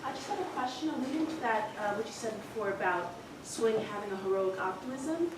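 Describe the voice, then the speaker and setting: A woman in the audience asks a hesitant, polite question in a fairly high voice. She is picked up from far off in a very echoey hall, with clear background noise. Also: lively intonation, a little fast. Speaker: audience member asking a question. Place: event hall.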